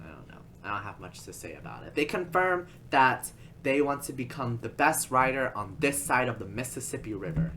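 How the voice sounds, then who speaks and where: A man's voice: mid-range voice, pushed and bright, slight background noise. Chatty man rambling through a recap. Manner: rambling and chatty, lots of fillers and asides. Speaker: video essay host. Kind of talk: casual video essay narration.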